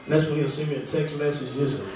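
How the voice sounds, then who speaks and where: A high-voiced man works through a stand-up set in a small club, rambling and chatty and quick to laugh at himself. He sounds a little distant from the mic, and the room's echo hangs heavily around every line. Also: flat delivery, a little mellow. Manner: rambling, conversational, self-deprecating. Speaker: stand-up comedian. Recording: echoey room, voice from far off.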